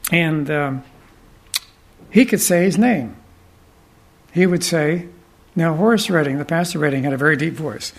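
A man telling folksy, rambling anecdotes, pausing often and restarting his sentences as he goes. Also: a little high. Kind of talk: anecdotal storytelling talk.

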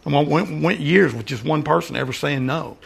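An older man preaching a sermon and then praying, earnest, often calling the listeners "friends" and dropping into soft asides. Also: fairly high pitch, moderate pace. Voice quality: gravelly. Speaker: lay preacher. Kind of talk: sermon and prayer.

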